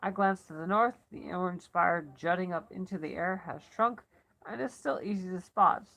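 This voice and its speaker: Woman reading a story out loud for practice, lowish voice, gravelly fry. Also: moderate pace, low-quality recording. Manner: first-person narration with asides and self-corrections. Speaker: reader. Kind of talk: reading a novel aloud for elocution practice.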